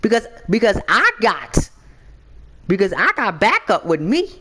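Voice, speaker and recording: A man's voice: high-pitched, huge pitch swings, measured pace, background noise, full character voice. A man voicing a cocky male wrestler who boasts of his backup, stammering and repeating words as he goes. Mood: boastful.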